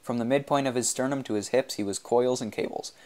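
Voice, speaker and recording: A man narrating an audiobook in a measured, expressive reading. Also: mid-range voice. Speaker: audiobook reader.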